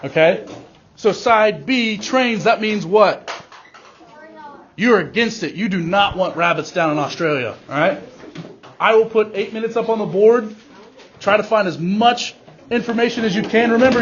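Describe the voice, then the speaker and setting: A male teacher giving a class directions, leaning on key words slowly for emphasis, recorded in a classroom. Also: sits high, muffled recording, a little hiss or hum. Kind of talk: classroom instruction.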